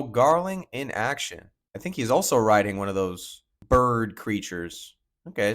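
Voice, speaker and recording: A man giving casual reaction commentary as a manga reaction host, chatty and musing as he thinks aloud. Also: mid-range voice.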